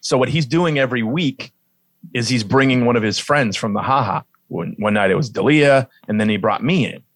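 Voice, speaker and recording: A man's voice: medium pitch, fairly quick, a bit bright, no echo. A male comedian telling a casual story, acting out dialogue and swearing freely. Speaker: comedian guest.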